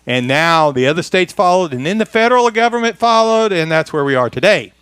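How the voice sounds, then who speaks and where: Man on a radio talk show, chuckling, higher voice, dry close mic, good-humored, reads from script. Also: lively intonation, fairly quick, a bit bright, smooth, dry recording. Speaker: regular history segment presenter.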